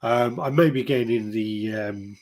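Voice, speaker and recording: A man hosting a podcast, rambling through profane, casual stories with quick asides. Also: medium pitch, a little mellow. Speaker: podcast host. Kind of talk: casual chat.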